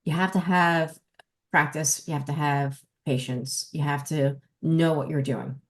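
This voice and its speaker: A woman with a New Jersey accent hosting a podcast as a dog trainer, explaining in an emphatic, lively teaching manner. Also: low-pitched, measured pace. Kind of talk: casual podcast talk.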